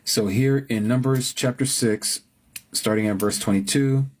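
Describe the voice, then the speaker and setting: A man's voice: mid-range voice, a little slow. A man hosting a livestream, chatting with viewers about word pronunciations and reading scripture aloud. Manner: muses over word pronunciations, answers viewers. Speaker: livestream host. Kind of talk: casual live-chat talk with scripture reading.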